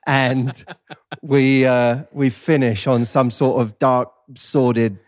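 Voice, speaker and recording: A man's voice: mid-range voice, little pitch movement, slow, dry recording, clean studio sound. A man from East London with a Cockney accent, chatting as an interview guest and often laughing as he talks. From East London, England. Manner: wry, laughs often while talking. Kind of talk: casual interview chat. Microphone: close studio mic.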